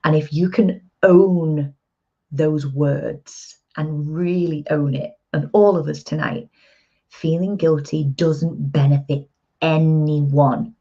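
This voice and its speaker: A woman in her thirties speaks earnestly and chattily to her viewers as an empowerment coach. Her voice sits low, with a mellow, husky tone. The recording sounds dull and lo-fi. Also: steady tone, slow pace. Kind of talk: casual motivational talk to viewers.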